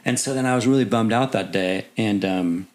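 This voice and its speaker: A man's voice: lowish voice, brisk. A middle-aged man, an army officer as podcast guest, telling long casual anecdotes peppered with "you know" and acting out the voices in his stories. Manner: rambling anecdotes, many "you know" fillers, acts out voices in quotes. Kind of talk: casual storytelling.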